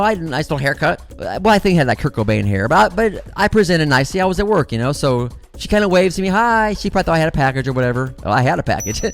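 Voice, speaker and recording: Profane, excitable middle-aged man telling stories. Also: fairly high pitch. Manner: animated, profane, excitable storyteller. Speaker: comedian host. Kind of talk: casual comic storytelling.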